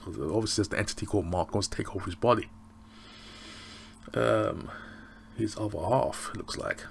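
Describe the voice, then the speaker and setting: A man giving a casual, rambling recap of a TV episode, excitable and often laughing. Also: on the low side, moderate pace, creaky, slight background noise. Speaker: TV show reviewer.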